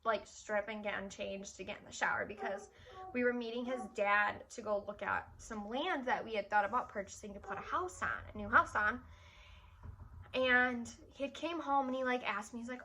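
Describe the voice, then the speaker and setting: A woman's voice: on the high side, a little fast, sharp tone. A young woman from Michigan telling a personal story in a casual, chatty way, full of "like" fillers. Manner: chatty, frequent "like" fillers, emotional retelling. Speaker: vlogger.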